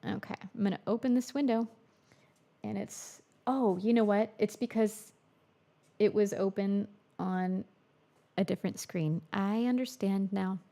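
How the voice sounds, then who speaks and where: A woman's voice: medium pitch, fairly even intonation, measured pace, creaky, dark tone. A woman musician chatting casually on a livestream, thinking aloud as she works in her studio and reads viewer comments. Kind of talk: casual livestream chat while producing.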